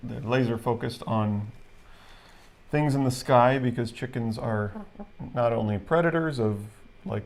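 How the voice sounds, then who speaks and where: A man's voice: on the low side, gravelly, a little mellow. A man co-hosting a casual livestream chat, explaining things at length with frequent fillers. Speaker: livestream co-host.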